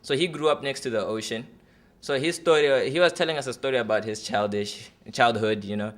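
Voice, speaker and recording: A man's voice: medium pitch, fairly quick. A man in his twenties performing a stand-up comedy audition set, loose and chatty with many fillers. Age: 20s.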